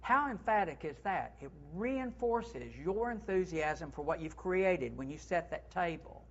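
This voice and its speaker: Guy coaching shop staff on sales lines, playful and animated, bit muffled lo-fi sound. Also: sits high, measured pace. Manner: playful, animated, acts out sample phrases. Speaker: retail consultant; segment host. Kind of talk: presenting sales tips.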